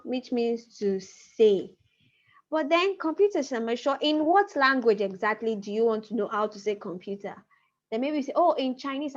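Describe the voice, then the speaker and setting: A woman teaching a language class over a video call, explaining patiently and slowing down to repeat key phrases. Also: on the high side. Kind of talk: online class lecture. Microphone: computer mic on a video call. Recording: muffled video-call audio.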